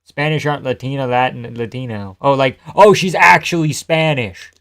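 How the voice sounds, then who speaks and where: A man hosts a live fight stream, reacting to chat in a loose, joking way and swearing freely. His pitch sits in the middle range, and his delivery is casual and unscripted. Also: moderate pace, a bit bright. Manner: loose, joking, profane, laughs often.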